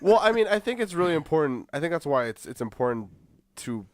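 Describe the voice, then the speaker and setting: A young man co-hosting a podcast, telling stories in an animated way and laughing often. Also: a little high, fast talker, no echo, clean studio sound. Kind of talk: casual chat.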